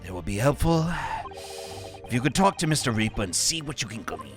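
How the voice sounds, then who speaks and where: A man's voice: mid-range voice, big pitch swings, fairly quick, music in the background, voice pushed down, lightly acted. A man voicing a theatrical, formal-speaking great detective in a game playthrough. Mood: composed. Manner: dramatic, old-fashioned formal speech. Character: grand, theatrical male great detective, adult. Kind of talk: game voice-acting in a let's play.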